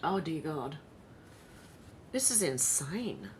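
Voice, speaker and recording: A woman's voice: low-pitched, very animated, slow pace, darkish tone, slight background noise. An Australian woman hosting a livestream from home, reading news aloud and reacting with exasperated, incredulous commentary. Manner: exasperated, incredulous, breaks into laughter. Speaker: livestream host.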